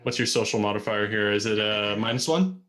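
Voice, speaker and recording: A man's voice: fairly low pitch, brisk, a bit bright. A man as game master running a streamed tabletop game, explaining rules with many ums and uhs.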